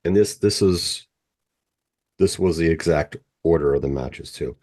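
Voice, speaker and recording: A middle-aged man co-hosting a podcast, reading out match results and rating them in a halting, plain-spoken way. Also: extremely low pitch, darkish tone. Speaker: podcast co-host. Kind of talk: casual wrestling chat, reading results.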